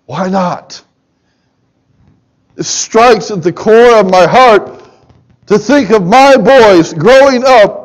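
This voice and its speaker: A middle-aged man preaching in a church sanctuary with a notably high voice. He is emotional, close to tears, and his delivery swings from hushed and low to loud and pleading. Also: slow pace, pauses often, rough recording. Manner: impassioned, swinging from soft and low to loud and urgent. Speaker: pastor. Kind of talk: sermon.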